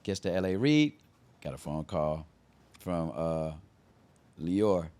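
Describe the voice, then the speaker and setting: A man's voice: takes it slowly, smooth. A middle-aged man, an R&B singer, telling stories casually in an interview and often imitating people's voices. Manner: animated storyteller who imitates people in high voices. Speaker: R&B singer guest.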